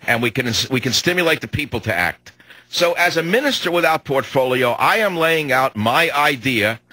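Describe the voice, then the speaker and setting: A man's voice: medium pitch, pushed and bright, no echo, rough recording. A combative talk radio host, a man in his sixties, delivering an emphatic, hectoring monologue on a studio microphone.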